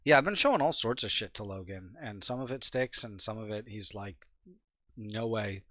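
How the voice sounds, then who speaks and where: A man's voice: lowish voice, lively intonation, a little fast, sharp tone, no room sound, lo-fi sound. A middle-aged man co-hosting a podcast in casual chat, laid-back, swearing freely and laughing often. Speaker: podcast co-host.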